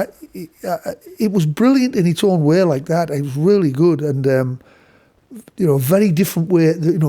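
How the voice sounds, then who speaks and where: English guitarist guy rambling on, lots of restarts and swearing, soft mellow tone. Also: fairly high pitch. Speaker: session guitarist. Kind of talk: casual storytelling.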